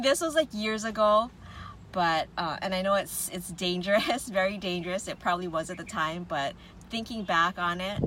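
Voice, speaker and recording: A woman hosts a livestream from a parked car with the windows rolled down, and faint traffic can be heard outside. Her voice sits on the low side, bright and forceful, as she greets viewers, chats casually, and laughs often.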